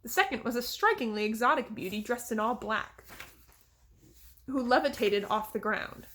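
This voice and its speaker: A woman's voice: a little high, moderate pace, a bit bright, slight background noise. Woman reading a storybook chapter aloud. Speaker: reader. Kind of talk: audiobook reading.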